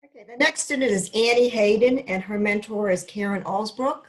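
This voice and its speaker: A woman moderator on a video call, briskly announcing each student and mentor. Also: mid-range voice, rough recording. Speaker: event moderator. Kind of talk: announcing speakers.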